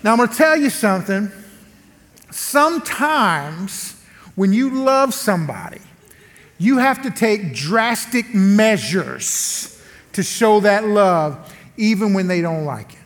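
A man preaching as a guest speaker, telling a story animatedly and acting out the quotes. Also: slow pace. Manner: animated, acts out quotes with big swings in pitch. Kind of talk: storytelling sermon. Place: large church hall. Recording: long church hall reverb.

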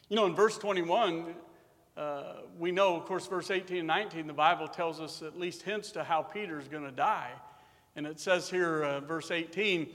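A man delivers a revival sermon in a church, his voice high and bright as it rises from quiet reflection to loud, fervent preaching. Scripture comes out in old English. A long hall reverb trails each phrase. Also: moderate pace.

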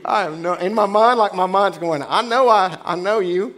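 A man's voice: high-pitched, fairly quick, few pauses, a bit bright. A pastor in his forties giving a casual, joking sermon in church. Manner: chatty, joking asides. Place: church sanctuary.

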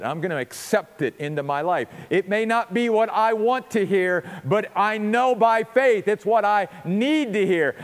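A man's voice: sits high, in a large hall. A man preaching a sermon as pastor, earnest and emphatic, repeating words as he builds each point.

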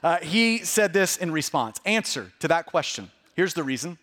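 A middle-aged man delivering a sermon in a notably high voice. He repeats words as he begins his sentences and keeps his delivery animated. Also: moderate pace, few pauses. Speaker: pastor.

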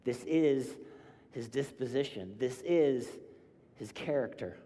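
A man preaching a sermon, emphatic and building to loud cries on key lines. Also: mid-range voice, takes it slowly. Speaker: pastor. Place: church sanctuary. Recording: long hall reverb.

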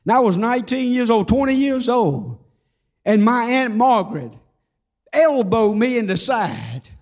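High-voiced older male preacher. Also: sing-song, a little mellow. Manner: fervent, slows down on key phrases; folksy, humorous storytelling. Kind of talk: sermon with personal testimony.

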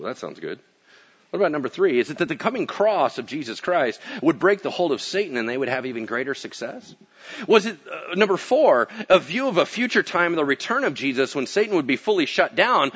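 A male pastor preaching a casual sermon, telling stories with acted-out quotes and swinging from booming to hushed. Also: very animated, fairly quick, husky, lo-fi sound.

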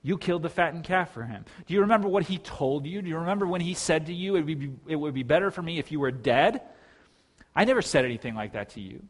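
Resentful older brother, bitter and indignant, put on by a preacher. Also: male voice, fairly high pitch, expressive, fast talker.

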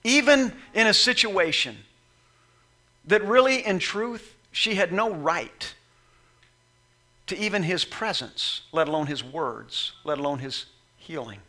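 High, bright-voiced preacher man. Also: animated, slow. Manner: acts out Bible scenes in voices, swings from soft reading to shouting. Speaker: pastor. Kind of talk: sermon.

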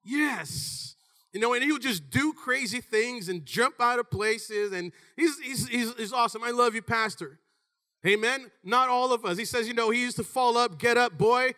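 Preaching with animated, emphatic energy, a man in his thirties calls out to the congregation and now and then breaks into shouts. His voice is very high-pitched and his pace normal.

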